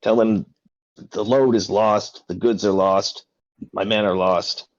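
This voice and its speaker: A man's voice: fairly low pitch, steady tone, slow, dry recording, muffled recording. A man voicing a flustered, self-important male caravan master who rattles off orders in a tabletop game. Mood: agitated. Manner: harried, bossy, rattling off orders.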